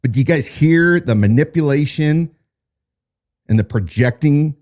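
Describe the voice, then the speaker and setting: A man's voice: fairly high pitch, expressive, measured pace, a little mellow. A man hosting a political talk show, commenting in an indignant, emphatic way.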